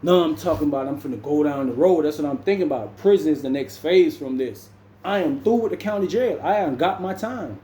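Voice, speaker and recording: Young guy telling a story, says bro nonstop, kinda high voice, little room noise. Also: expressive, a little fast, dark tone, roomy sound. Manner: laid-back, says "bro" constantly, acts out other people's lines. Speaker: vlogger. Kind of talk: casual storytelling to camera.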